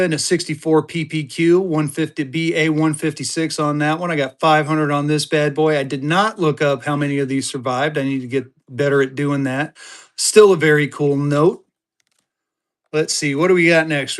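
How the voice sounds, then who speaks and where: A man from Colorado hosting a live selling stream, talking fast in an upbeat sales patter. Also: a little high, fairly bright tone. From Colorado, USA. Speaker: live-stream currency seller.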